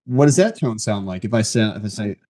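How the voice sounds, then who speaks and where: A man with a somewhat low voice hosts a casual tech podcast. He talks conversationally, with a few restarts. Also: big pitch swings, fast, dark tone. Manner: conversational, reads a post aloud, frequent restarts. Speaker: podcast host.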